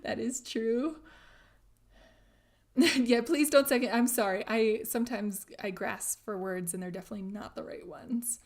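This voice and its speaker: A young woman hosting a crafting livestream, chatting casually while reading viewer comments, laughing often and trailing into soft asides. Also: fairly high pitch, unhurried. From grew up speaking German at home in the US. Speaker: crafting channel host.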